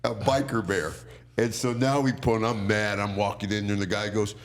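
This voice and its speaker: Middle-aged male guest, low voice, animated storyteller who mimics the people he quotes. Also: normal speed. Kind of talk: casual storytelling.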